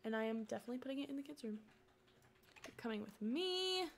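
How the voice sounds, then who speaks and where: Young woman streaming a sim game, high voice that swoops all over, chatty and coaxing. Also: animated, creaky, slight background noise. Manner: chatty, coaxing her game characters, quick laughs. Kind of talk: casual gameplay commentary.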